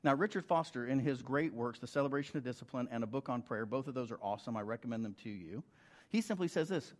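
Middle-aged pastor, conversational sermon. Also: male voice, medium pitch, quick pace. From United States. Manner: conversational, rhetorical questions to the congregation.

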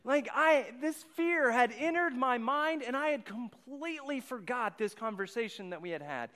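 A man's voice: very high voice, animated, moderate pace, sharp tone. A man in his thirties, a pastor giving a sermon with a rambling personal story, often repeating his words. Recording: long hall reverb.

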